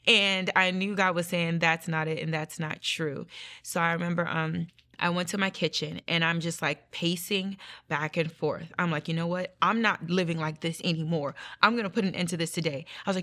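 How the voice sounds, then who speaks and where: Woman w/ a lower voice telling her faith story in an interview, earnest, acts out the quotes. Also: normal speed, pushed and bright. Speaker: guest sharing testimony. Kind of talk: personal testimony interview.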